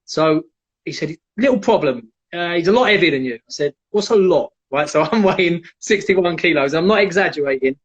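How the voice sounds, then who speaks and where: A man telling animated stories in a casual live chat and acting out the people in them. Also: on the high side, brisk. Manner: animated, acts out quoted voices. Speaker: guest, jiu-jitsu black belt. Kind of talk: casual storytelling on a live stream. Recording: dull lo-fi live stream audio.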